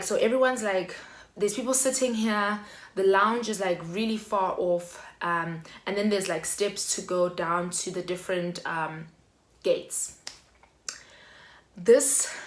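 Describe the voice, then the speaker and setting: A young South African woman with a South African accent telling a story in a chatty, animated way. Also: medium pitch. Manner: animated, chatty, heavy on fillers. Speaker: vlogger. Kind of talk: casual storytime. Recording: echoey room.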